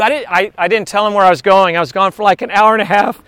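A man preaching a sermon and reading scripture, emphatic, often asking the congregation quick questions. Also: sits high, a bit bright, dry recording.

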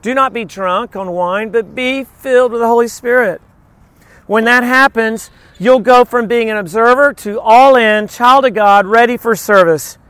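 A man's voice: very high-pitched, normal speed, fairly bright tone, clean tone, no echo. A man preaching a sermon in an earnest, emphatic way, quoting scripture.

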